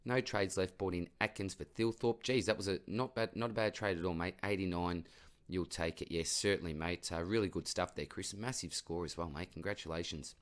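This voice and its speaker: A man's voice: low-pitched, a little fast. A young adult man with an Australian accent, casually reading out viewer comments and answering them, calling everyone mate and buddy. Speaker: fantasy football YouTuber.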